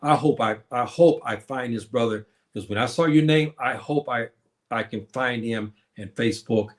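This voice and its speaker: A man's voice: medium pitch, normal speed. A man around seventy chatting casually to viewers on his livestream, rambling and reminiscing with many fillers and restarts. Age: 70s. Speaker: livestream host.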